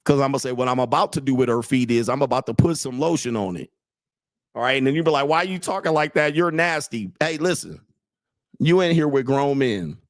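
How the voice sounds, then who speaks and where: This dating coach, a livestream host in his late forties, has an expressive mid-range voice and talks a little fast. He's crude and blunt while reading chat, laughing at his own jokes and mocking others, with no room sound.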